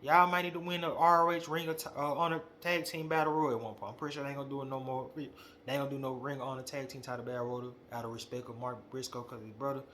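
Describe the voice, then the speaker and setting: Young male host, casual slangy rant, lively delivery, bright tone, faintly noisy recording. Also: mid-range voice, fast talker. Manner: animated, slangy, calls out directly. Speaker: wrestling podcast host. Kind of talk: casual opinion monologue.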